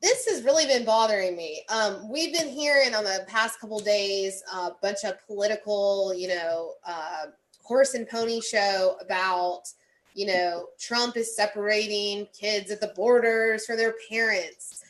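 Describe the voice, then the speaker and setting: A woman's voice: medium pitch, a little slow. A woman co-hosting a talk radio show, speaking in an indignant, emphatic way. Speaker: radio co-host.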